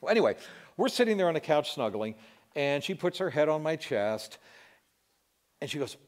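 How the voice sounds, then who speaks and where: A man in his fifties, a talk show host, telling a personal testimony as a lively story and acting out sounds and asides. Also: on the high side, normal speed. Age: 50s.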